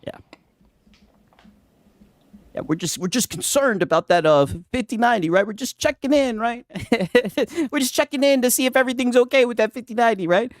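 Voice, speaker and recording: Male podcast host, teasing, laughs a lot, lively swooping pitch, dry sound. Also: a little fast, no echo. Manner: teasing, laughs often, keeps asking right?. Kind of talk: casual chat.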